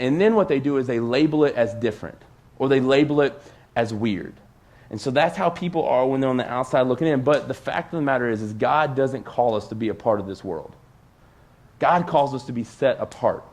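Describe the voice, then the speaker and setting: Speaking from a church stage, this youth pastor gives a casual sermon to young people in a conversational way, peppering his sentences with "like". His voice is mid-range with a darkish tone.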